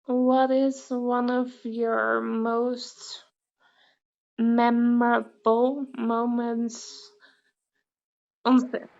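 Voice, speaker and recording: Woman interviewer, slow relaxed talk, fairly high voice, muffled lo-fi sound. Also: vocal fry. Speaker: interview host. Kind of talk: casual interview chat.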